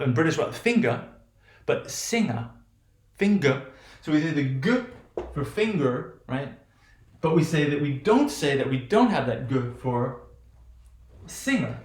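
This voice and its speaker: A man's voice: fairly high pitch, expressive, fairly quick, echoey room. A man lecturing on phonetics, who talks in a rambling way with many restarts and keeps checking in with "right?". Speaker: linguistics lecturer. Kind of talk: classroom lecture.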